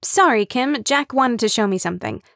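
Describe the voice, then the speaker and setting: A woman's voice: on the high side, normal speed, gravelly, no room sound, pitched above the performer's own voice. A shy young witch who is awkward with people and plays along with a joke, as the narrator reads her. Close to the narrator's own voice, in a dry, close recording. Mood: flustered. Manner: awkward, a bit too loud, playful.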